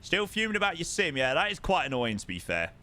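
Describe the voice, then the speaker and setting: A man's voice: fairly high pitch, sing-song, quick pace, sharp tone. A young man chatting casually on a live flight sim stream, greeting viewers, reading chat aloud and humming to himself.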